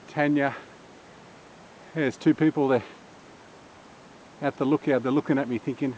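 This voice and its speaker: A man's voice: medium pitch, steady tone, measured pace, pauses often, darkish tone. A man narrating his bushwalk for a casual outdoor vlog, chatting as he goes, recorded on a handheld action camera outdoors. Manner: chatty, self-narrating on the move. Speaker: bushwalking vlogger. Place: outdoors in bush gorge by a waterfall. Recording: muffled camera audio with outdoor noise.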